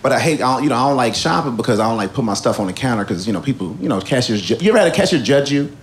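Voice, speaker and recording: A male comedian telling stories on stage at a rapid clip, animated and full of asides. His mid-range voice comes through a stage mic with a light hiss behind it. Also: mid-range voice. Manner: animated, rambling asides, crude punchlines. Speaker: stand-up comedian. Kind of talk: stand-up comedy storytelling.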